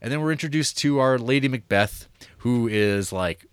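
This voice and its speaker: A man's voice: medium pitch, normal speed, clear, resonant tone, dry recording. A man co-hosting a casual film podcast, rambling with many fillers and restarts. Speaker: podcast co-host reviewing a film. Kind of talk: casual chat.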